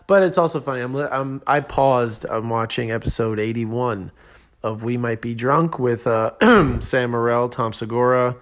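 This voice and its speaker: A man's voice: mid-range voice, moderate pace, fairly bright tone. A young adult man, a stand-up comedian, rambling through a casual solo podcast monologue with self-deprecating asides and many fillers.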